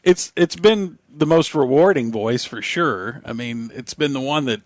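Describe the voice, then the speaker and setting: A man co-hosts a casual podcast, trading jokes in animated banter. His voice sits at an ordinary middle pitch, recorded dry and close with no echo. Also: measured pace. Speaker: podcast co-host. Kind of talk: casual chat.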